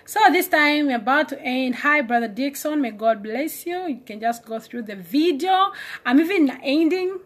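A woman's voice: high voice, expressive, moderate pace. A woman preacher giving an exhorting sermon, acting out prayers and conversations with God. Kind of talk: casual sermon video.

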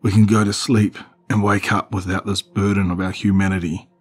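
A man's voice: low voice, little pitch movement, a little fast, breathy edge, soft background music. A man voicing a middle-aged mother who cries and wails, slipping into madness. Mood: eerie calm. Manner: crying, wailing, pleading. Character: frantic mother, middle-aged woman, unhinged.

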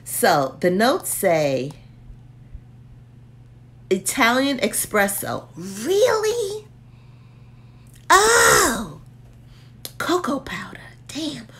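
Lively woman reviewer who drifts into whispers. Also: a little high, extremely slow, long pauses. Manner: chatty and playful, often dropping to a whisper. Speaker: candle reviewer vlogger. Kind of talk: casual chat.

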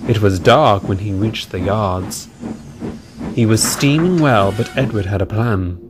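A man narrating a storybook tale in a steady reading voice. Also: on the low side, unhurried, background noise. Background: music.

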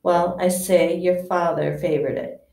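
An intense old male wandmaker, as a woman reads him aloud, slow and musing, with a low and gravelly voice. He stops and restarts now and then. The voice comes from some distance in a roomy, echoing space. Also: steady tone, warm tone. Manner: musing, measured, with hesitant restarts. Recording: echoey room, distant mic.

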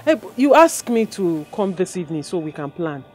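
A Nigerian fiancée with a sharp tongue, mocking and scolding in a movie drama. Her accent is plainly Nigerian, and a faint music score plays under her lines. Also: on the low side, very animated, moderate pace, slightly rough. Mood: coaxing. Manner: mocking, scolding, switches into pidgin taunts. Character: sharp-tongued fiancée confronting a cheating man.

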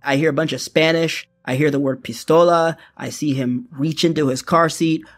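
A young man recounts a wild night in a loose, casual way, peppering his speech with fillers and swearing. His voice sits a little high for a man. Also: fairly even intonation, moderate pace. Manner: casual, profane, full of "like". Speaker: storyteller. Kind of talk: first-person storytelling.

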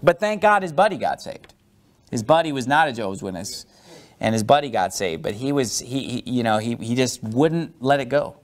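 A man's voice: medium pitch, expressive, moderate pace. A man pastor preaching a sermon, explaining scripture verse by verse and acting out angry teeth-gritting to make his points.

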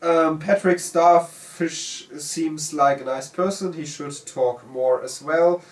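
A German man with a German accent, casually reading out viewer comments in halting, self-correcting English. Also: a little high. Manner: halting, self-correcting, laughs at own words. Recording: roomy sound from a distant mic.

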